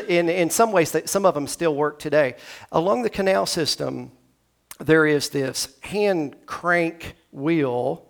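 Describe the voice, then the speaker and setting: A man from Tennessee preaching a sermon in a church, talking conversationally and acting out the scripture dialogue. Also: creaky. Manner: conversational, dramatizes scripture dialogue with shifting pitch and loudness. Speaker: pastor. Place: church sanctuary.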